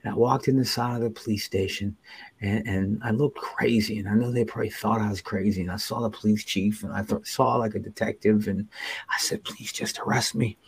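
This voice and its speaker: Guy with a kinda low husky voice telling his story on a podcast, lots of restarts, goes real quiet sometimes. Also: steady tone. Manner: halting, earnest, many restarts, drops to near whispers. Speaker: podcast guest sharing his recovery story. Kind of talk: personal storytelling in an interview.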